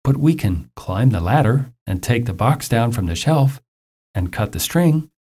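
A man's voice: mid-range voice, animated, unhurried, mellow, husky. A man reading aloud and voicing Toad, a greedy, gloomy male toad in a storybook, who talks in a wheedling way. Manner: wheedling, then sad.

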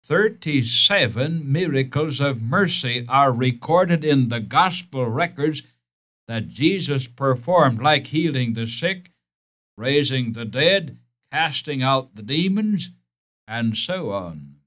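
A male preacher delivers a sermon at a slow, unhurried pace, his voice at an ordinary middle pitch. He is earnest and emphatic, leans on repeated key phrases, and turns to question his listeners directly. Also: animated, fairly bright tone.

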